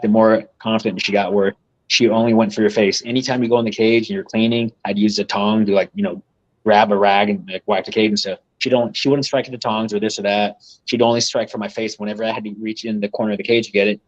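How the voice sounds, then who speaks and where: Guesting on a live podcast, a reptile breeder casually tells meandering stories, cursing freely and laughing at what he says. He speaks fast, with a lowish voice and steady tone. The sound is lo-fi.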